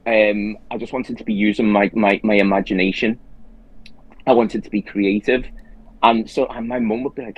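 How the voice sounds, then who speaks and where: A man's voice: on the low side, steady tone, normal speed, no room sound, low-quality recording. A man hosting a casual conversation who tells his story earnestly and with animation, restarting his sentences often. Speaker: host.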